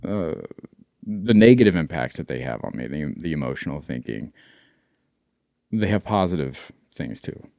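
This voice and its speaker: Mellow expressive man on a podcast. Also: rumbling low, normal speed, creaky, dry recording, studio quality. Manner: earnest, reflective, hesitant with restarts. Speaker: podcast co-host. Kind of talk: casual chat.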